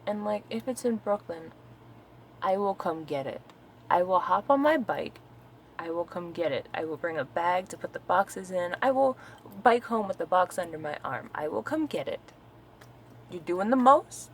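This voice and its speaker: Woman, low voice, gravelly, casual venting rant, exasperated, cussing a lot. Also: moderate pace, slight background noise, poor audio. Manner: profane, exasperated, animated storytelling. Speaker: vlogger.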